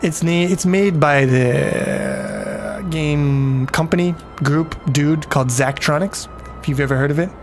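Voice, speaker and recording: A man's voice: on the high side, takes it slowly, faint music behind. A man casually commenting on his game during a livestream, rambling, swearing freely and chatting with viewers. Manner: rambling, profane, talks to chat.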